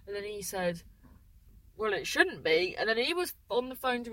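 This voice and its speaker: Bright, rambling woman telling a story. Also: medium pitch, lively intonation, normal speed, no echo, rough recording. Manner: rambling, self-correcting, with lots of "so then"; swears casually, acts out voices in quotes. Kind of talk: casual anecdote.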